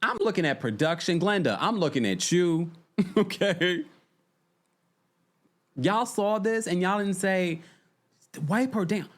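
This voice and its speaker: Animated man hosting a reality recap. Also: high voice, a little slow, long pauses. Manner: exasperated, animated, chatty, talks to the chat. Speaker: podcast host. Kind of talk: casual reality TV recap chat.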